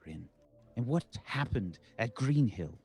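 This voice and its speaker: A man voicing a polite, formal adventurer who speaks in a measured, persuasive way. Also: mid-range voice, animated, darkish tone, breathy edge, soft background music. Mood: earnest.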